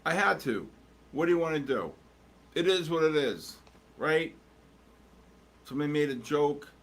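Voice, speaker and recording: Man at a medium pitch, casual live commentary, rambling and jokey, talks to chat while watching charts, faint background hum. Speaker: livestream host.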